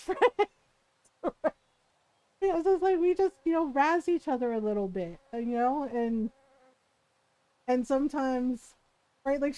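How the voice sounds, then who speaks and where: A woman's voice: fairly high pitch, dark tone, no echo, poor audio. A middle-aged woman streamer in casual chat, telling a story with frequent laughter. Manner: chatty storytelling, laughs often.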